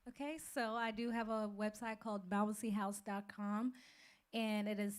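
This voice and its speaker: A woman's voice: mid-range voice, level tone, moderate pace, clean tone. A woman guest talking casually, a bit unsure and giggling now and then. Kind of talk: casual chat.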